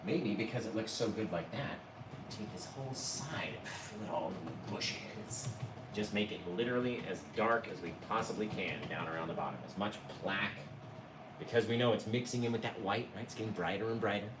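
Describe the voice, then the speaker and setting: A man's voice: fairly low pitch, a little fast, far from the mic. A man hosting a livestreamed painting lesson, talking to viewers in the chat in a chatty, enthusiastic way. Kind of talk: live painting tutorial. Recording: roomy echo, voice a bit off-mic, noticeable background noise.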